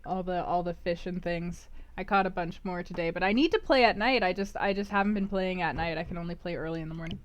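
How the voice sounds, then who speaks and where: A woman's voice: on the low side, fast, muffled recording. A woman streamer chatting casually while she plays, rambling and laughing often. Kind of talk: casual chat while gaming.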